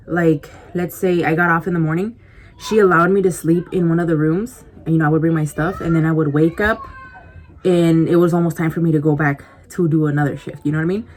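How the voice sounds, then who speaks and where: Low, mellow-voiced woman telling a rambling story. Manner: rambling and chatty, full of "like" and "you know"; confiding, speaks directly to viewers. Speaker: vlogger. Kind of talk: casual storytime vlog. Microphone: compact camera mic.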